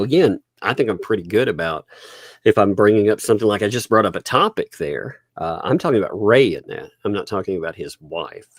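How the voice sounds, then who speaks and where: Male stream host, low gravelly voice, loose chatty delivery, laughs a lot. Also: no echo, clean studio sound. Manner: chatty, laughs often, trails off and restarts. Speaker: livestream host. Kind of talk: casual livestream commentary.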